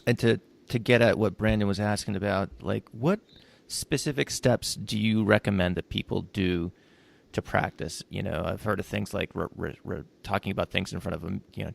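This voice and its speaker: Gravelly-voiced host asking halting questions. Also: male voice, lowish voice, fairly even intonation. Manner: hesitant, restarting, many fillers. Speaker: podcast host. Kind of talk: casual interview questions.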